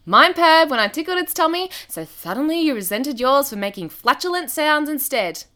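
Bubbly young radio host played by a woman, animated voice, chirpy patter, comedy audio drama. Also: high voice, normal speed. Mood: indignant. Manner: chirpy on-air patter, exasperated with her sister.

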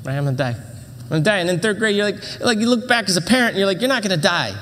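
A middle-aged male pastor telling a story in a sermon with animated, dramatic delivery and frequent self-interruptions. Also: high-pitched, very fast. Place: church auditorium. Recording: long hall reverb.

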